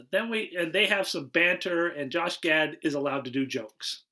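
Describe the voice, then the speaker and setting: A man hosting a podcast, recapping a movie in a relaxed, wry way, often restarting his sentences. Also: a little high, measured pace. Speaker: podcast host. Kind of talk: casual comedic movie recap.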